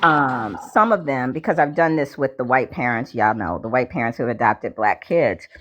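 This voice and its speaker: A woman host in casual chat, telling stories in an animated way and talking straight to her listeners. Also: a bass voice, moderate pace, a little hiss or hum. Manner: animated storyteller, addresses listeners as y'all. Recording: dull lo-fi audio.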